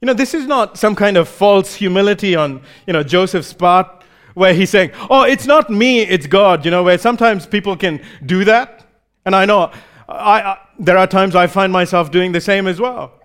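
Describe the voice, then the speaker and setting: High-voiced man preaching a sermon. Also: moderate pace, a bit bright, smooth. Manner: explanatory, acts out short quoted lines.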